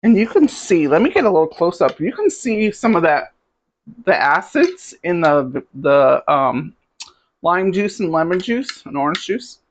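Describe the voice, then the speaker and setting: A woman's voice: fairly low pitch, sing-song, unhurried. A middle-aged woman hosting a cooking video from her home kitchen, chatting in a casual, rambling way as she works. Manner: chatty, rambling, talks to camera while cooking. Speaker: cooking show host. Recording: noisy kitchen with clattering dishes. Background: pots, pans and dishes clattering.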